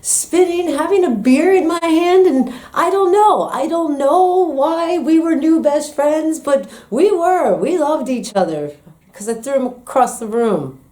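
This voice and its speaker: A woman's voice: high voice, lively intonation, measured pace, dark tone. An American woman telling a personal story in a casual storytime vlog, acting out her own quotes. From United States. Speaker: storyteller vlogger.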